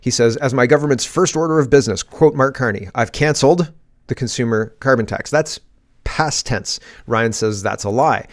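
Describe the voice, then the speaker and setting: A man hosting an opinionated political commentary show, sarcastic and animated, laughing as he rants. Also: medium pitch, normal speed.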